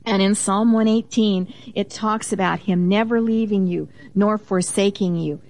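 A woman's voice: medium pitch, a little slow, a little mellow. Woman reading scripture with emphasis. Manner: reads scripture aloud with emphasis, affirming interjections. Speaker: co-host of a Christian teaching program. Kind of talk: Bible reading and teaching.

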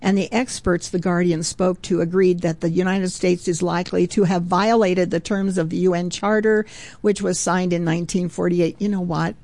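Warm, fervent woman radio ministry host. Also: lowish voice, fairly even intonation, normal speed, no echo. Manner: earnest, fervent, with frequent praise exclamations; chatty and conversational, with fillers and restarts. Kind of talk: devotional radio talk.

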